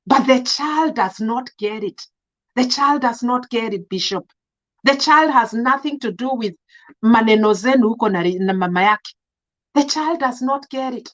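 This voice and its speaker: Her voice is a little high and her speed normal, with the recording's highs cut off. This Kenyan woman, around thirty-something, vlogs an impassioned, scolding commentary full of indignation, repeating herself and alternating English with Swahili.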